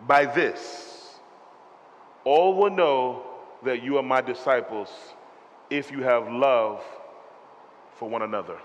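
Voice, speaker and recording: A man preaching a sermon as pastor, animated and rhythmic, calling out to the congregation to respond. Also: medium pitch, unhurried, pauses often, dull audio, slight background noise. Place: church sanctuary. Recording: reverberant hall with faint ambience.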